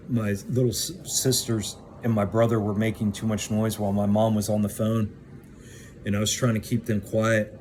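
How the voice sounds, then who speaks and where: A man's voice: lowish voice, darkish tone, a little hiss or hum. A man casually recounting his own past in a candid, blunt way that includes swearing. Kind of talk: casual first-person storytelling.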